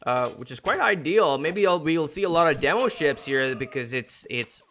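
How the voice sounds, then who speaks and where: A man's voice: fairly high pitch, lively intonation, normal speed, fairly bright tone, a little hiss or hum. A man streaming from home, casting a strategy-game match with loose, jokey commentary that rambles and restarts. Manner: rambling, jokey, laughs often. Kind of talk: casual live game commentary.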